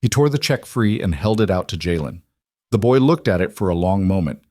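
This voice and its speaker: Low guy reading a story out, steady and even, dry close sound. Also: a little fast, no room sound. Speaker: narrator. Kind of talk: scripted story narration.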